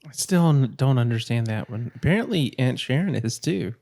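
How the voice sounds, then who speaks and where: A man in his thirties, a podcast co-host, dropping quick teasing remarks. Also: mid-range voice, lively intonation, creaky, darkish tone, no room sound, clean studio sound. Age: 30s. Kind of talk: casual chat.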